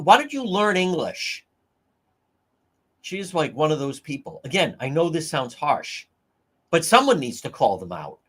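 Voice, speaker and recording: A man's voice: sits high, big pitch swings, a little slow, a bit bright. A man hosting a livestream talk show, ranting incredulously through opinionated news commentary and addressing viewers as folks.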